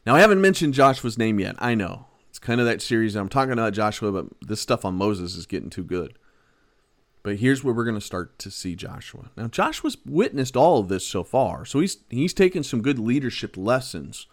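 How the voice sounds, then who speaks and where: A man giving a sermon, reading old scripture aloud and then retelling it in lively everyday words. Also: lowish voice, moderate pace. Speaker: preacher. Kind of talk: Bible-teaching sermon.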